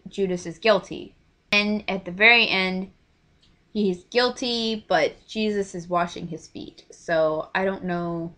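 A young woman in her twenties recounts an experience to her camera in a casual, heartfelt way. Her voice is bright and forward, and she slips into quoted lines with lively emotion. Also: mid-range voice. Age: 20s. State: choked up. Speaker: vlogger. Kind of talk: casual storytelling.

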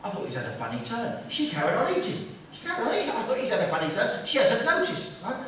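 A man's voice: very high voice, wildly swooping pitch, quick pace, fairly bright tone, a little hiss or hum. A man performing a chatty stand-up comedy routine on a music hall stage, telling his story with repeated phrases. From London. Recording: echoey hall from far off with audience.

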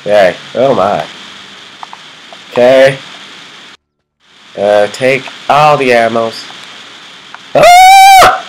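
A young man casually commenting on his own gameplay, yelping and shouting at enemies, then muttering quietly between fights. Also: mid-range voice, slow pace, pauses often, slight background noise, rough recording. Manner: excitable, yelps and screams at enemies. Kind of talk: casual let's-play commentary.

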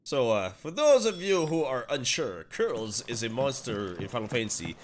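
A man's voice: mid-range voice, sing-song, normal speed, slight background noise. A man doing jokey, mocking playthrough commentary over a video game. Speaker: gamer. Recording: game audio with music behind.

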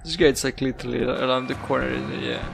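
Gravelly young man. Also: mid-range voice, fairly even intonation, quick pace, over music. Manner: rambling, swearing, laughing at the game. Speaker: gaming YouTuber. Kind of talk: casual let's-play commentary.

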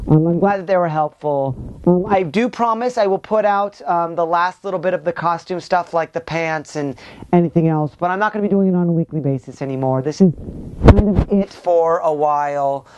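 A man's voice: a little high, highs cut off. Man, vlog host, casual year-end chat, rambling, many filler sounds, restarts sentences, grateful tone. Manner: warm and grateful toward viewers. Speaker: YouTube channel host.

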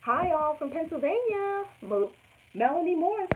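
Woman live-streaming, reads comments, laughs lots, pitch jumps around, sounds like a phone line, noisy. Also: very animated, moderate pace. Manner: laughs often, reads viewer comments aloud. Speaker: quilting channel host. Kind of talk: casual live-stream chat. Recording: tinny phone-like sound with loud background noise.

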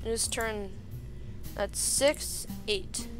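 With a slightly high voice and drawn-out words, a gaming channel host talks to herself through a let's-play session at her computer. She's chatty, thinking aloud while she builds and growing exasperated, and game music runs in the background.

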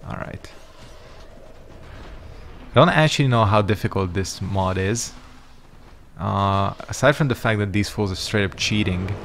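Low-ish voice guy doing a let's play, rambly and cussing at the game. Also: measured pace, long pauses, fairly bright tone. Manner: rambling, profane, reactive. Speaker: gaming YouTuber. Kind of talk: casual let's-play commentary.

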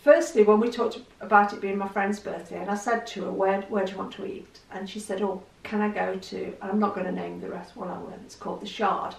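A woman's voice: mid-range voice, fairly even intonation, fairly quick, gravelly, few pauses, darkish tone, echoey room, recorded from a distance, rough recording. A middle-aged woman vlogging in a candid, self-deprecating casual chat to the camera.

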